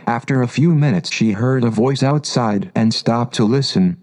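A man narrating a classic storybook in a measured, unhurried reading. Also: medium pitch, a little mellow, rough recording.

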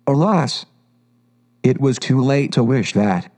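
A man narrating a classic storybook in a measured, unhurried reading. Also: medium pitch, animated, darkish tone, rough recording.

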